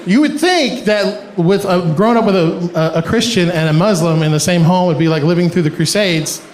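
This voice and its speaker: A man's voice: sits high, normal speed. A man doing a stand-up set in a punchy style, often laughing through his lines. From American South. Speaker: stand-up comedian. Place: live comedy venue. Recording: echoey live venue with audience noise.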